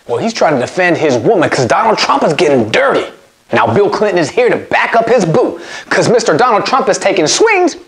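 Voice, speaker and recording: A woman hosting a comedy podcast, running through odd news stories in an animated, incredulous way and breaking into laughter. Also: medium pitch. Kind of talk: comic news rundown.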